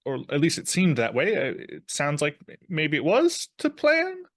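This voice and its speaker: A man's voice: fairly high pitch, huge pitch swings, normal speed, fairly bright tone, no echo, voice pushed up, heavily acted. Figure: played by a man nervous, kind-hearted comrade. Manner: stammering, fumbling, chirpy rising lilt. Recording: dry, close. Style: tabletop role-play.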